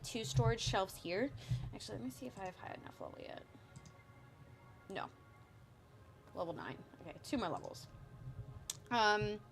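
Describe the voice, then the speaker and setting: A young adult woman chatting casually while playing a game, rambling with lots of ums and likes. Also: fairly high pitch. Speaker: streamer. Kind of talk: casual gameplay chat.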